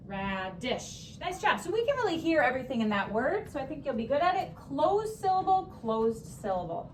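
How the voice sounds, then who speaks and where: A young woman teaching a classroom spelling lesson, upbeat, stretching words and throwing in quick asides. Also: high-pitched, big pitch swings, background noise.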